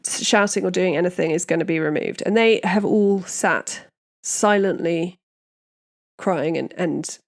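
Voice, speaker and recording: A woman's voice: fairly low pitch, a little slow. Indignant woman recapping a case. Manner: indignant, opinionated commentary. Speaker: true crime podcast host. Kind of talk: casual true crime recap.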